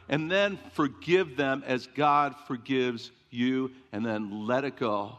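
A pastor giving an emphatic sermon, repeating refrains and asking the congregation questions. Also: male voice, medium pitch, measured pace, few pauses, a bit bright. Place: church sanctuary. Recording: long reverb of a church hall.

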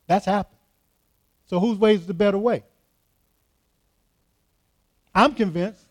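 High-voiced pastor preaching emphatically. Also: male voice, normal speed. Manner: emphatic, repetitive, talking straight to the congregation. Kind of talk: sermon. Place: church, in front of a congregation.

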